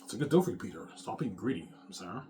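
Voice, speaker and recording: A man's voice: on the low side, big pitch swings, fast, mellow, slight background noise. A man in an off-the-cuff monologue, boastful and repetitive, often adding "man".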